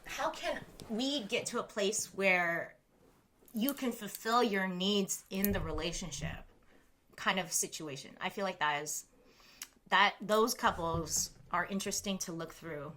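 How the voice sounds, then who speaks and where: Hosting a casual livestream, a young Southern California woman reacts to her chat, laughs often and says "like" repeatedly. She speaks at a measured pace in a mid-range voice that comes across pushed and bright.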